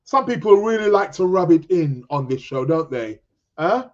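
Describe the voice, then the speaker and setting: A man's voice: a little high, sing-song, normal speed, muffled recording. A man hosting an astrology podcast, chatting casually and reading out viewer comments in a rambling, joking way. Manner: rambling, jokey, self-interrupting.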